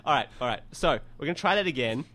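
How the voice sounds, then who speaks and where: Giggly young radio host. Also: male voice, mid-range voice, animated, bright, forceful tone. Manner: quick, giggly, bossy banter. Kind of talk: casual banter. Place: radio studio.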